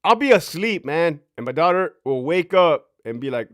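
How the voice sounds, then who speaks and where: His voice a little high and very animated at a normal speed, a thirty-something man hosts a casual home livestream. He laughs, curses, brags and talks right to the chat, in studio-quality audio with no echo.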